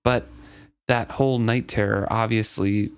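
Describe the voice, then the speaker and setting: Relaxed man chatting about a book. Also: on the low side, measured pace, smooth. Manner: relaxed, tentative, retells the plot. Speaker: podcast co-host. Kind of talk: casual book discussion.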